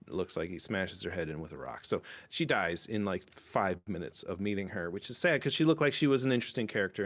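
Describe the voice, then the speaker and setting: A man hosting a casual podcast, recapping a TV episode in a rambling, excitable way and swearing freely. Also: on the low side. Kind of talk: casual chat.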